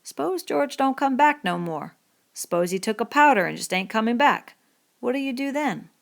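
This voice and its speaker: A woman reading the part of a bitter, lonely middle-aged male stable hand in a rough rural dialect, in an audiobook. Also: a little high, lively intonation, normal speed, voice pushed up. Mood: needling.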